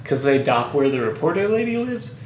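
A man's voice: fairly high pitch, big pitch swings, brisk. A man chatting casually and retelling a movie plot, rambling with lots of fillers. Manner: rambling, hesitant, many fillers. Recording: echoey room, faint background noise.

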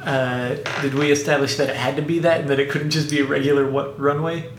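A man's voice: fairly high pitch, fairly even intonation, fairly quick. A man chatting casually and retelling a movie plot, rambling with lots of fillers. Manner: rambling, hesitant, many fillers. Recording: echoey room, faint background noise.

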